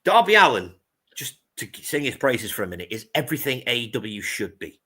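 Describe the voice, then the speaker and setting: A man chats fast on a casual podcast, dropping British slang and cheeky jabs. His voice is bright and forceful, and he pitches his points with a blunt, teasing edge. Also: sing-song, breathy edge. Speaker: podcast co-host. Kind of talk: casual chat.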